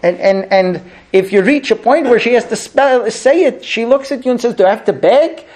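A man's voice: very high voice, moderate pace. A middle-aged man teaching a recurring class as a rabbi, telling funny stories and acting out the quoted lines. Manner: animated storyteller, acts out quoted dialogue. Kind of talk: lively classroom lecture with humor.

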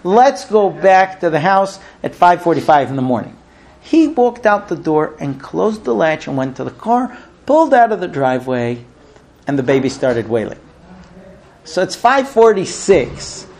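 A man with a fairly high voice tells a story with lively, expressive delivery. His voice swings up and down as he acts out the scenes and sound effects. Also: unhurried. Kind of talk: animated storytelling.

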